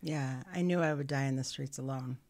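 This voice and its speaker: A middle-aged woman, a podcast guest, telling her life story candidly, earnest and halting with frequent restarts. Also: extremely low pitch, a little mellow.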